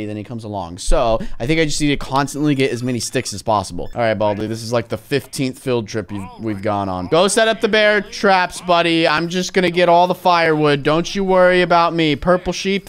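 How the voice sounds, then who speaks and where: Young male gamer, excitable commentary, bouncy high-ish voice, smooth tone. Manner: excitable, swings from hushed muttering to frantic yelling. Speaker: gaming YouTuber. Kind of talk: game commentary.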